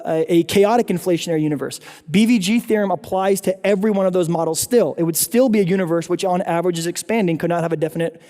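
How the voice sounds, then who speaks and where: Casting: male lecturer, high mellow voice, chatty slide talk with quips, long church-hall reverb. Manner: chatty, with joking asides. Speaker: apologetics forum speaker. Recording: echoey hall.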